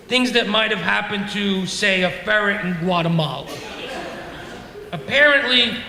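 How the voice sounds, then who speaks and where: A man's voice: sits high, pushed and bright. A middle-aged man doing a stand-up comedy set in a club, ranting in an exasperated, self-mocking way. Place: comedy club stage with laughing audience. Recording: echoey club room with reverb.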